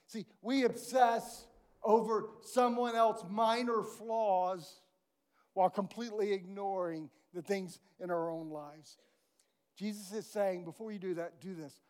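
A man with a high voice delivering a sermon. He tells stories in an animated way, swinging from loud bursts to near-quiet asides. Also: clean tone. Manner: animated storytelling, acting out characters with big swings of volume. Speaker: pastor.

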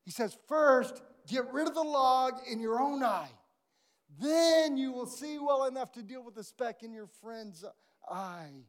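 High-voiced preaching man. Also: measured pace. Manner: animated storytelling, acting out characters with big swings of volume. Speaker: pastor. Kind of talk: sermon.

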